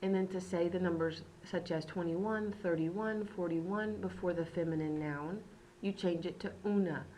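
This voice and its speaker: A woman teaching beginner Spanish in a recorded lesson. She repeats words slowly and keeps checking in with "okay". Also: fairly low pitch, steady tone, warm tone, slight background noise, rough recording.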